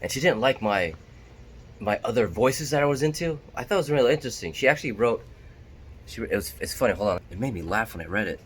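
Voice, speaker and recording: A man vlogging straight to his camera in an unhurried, candid ramble, poking fun at himself as he goes. His voice sits at an ordinary middle pitch, and a faint hiss runs underneath. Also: lively intonation. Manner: candid, chatty, self-deprecating. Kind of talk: casual talk to camera.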